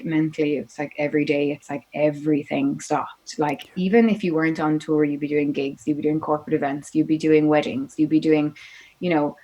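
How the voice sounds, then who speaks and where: A woman's voice: deep voice, darkish tone, rough recording. A young Irish woman, a musician guest on a podcast, telling her story in a chatty way full of "like" and "you know". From Ireland. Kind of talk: podcast interview.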